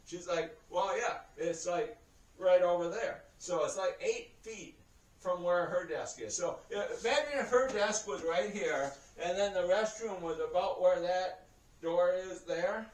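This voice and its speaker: In a casual vlog, a man with a high-pitched voice tells a story at an unhurried pace, rambling, swearing, and often breaking into laughter. He's in an indoor room, and the recording has a roomy echo and sounds distant.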